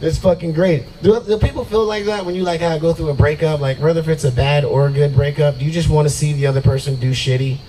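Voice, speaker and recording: A man's voice: a little high, fairly even intonation, fast talker, hardly any pauses, warm tone, slight background noise, rough recording. A young man doing a brash, profane stand-up set at an open mic night in a brewery and riffing with the crowd. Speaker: stand-up comedian.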